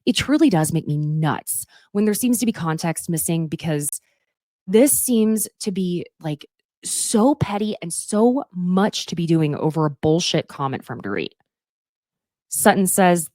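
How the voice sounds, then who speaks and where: A woman recaps a reality show with sassy, chatty asides to her listeners and acts out bits of what the cast said. Her voice sits fairly low, yet it swings widely up and down as she talks. The recording is close and dry, with no room sound. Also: lively intonation, measured pace, a little mellow, dry recording. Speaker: podcast recap host.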